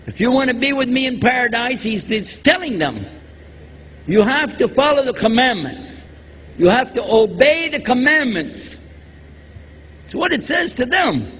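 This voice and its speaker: A high, lively voice rolls out slowly as a man preaches to a crowd. He cracks jokes and fires questions at his listeners. The sound carries a long hall reverb with faint background noise. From Texas. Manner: jokey, quizzes the audience. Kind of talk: religious lecture to a live audience.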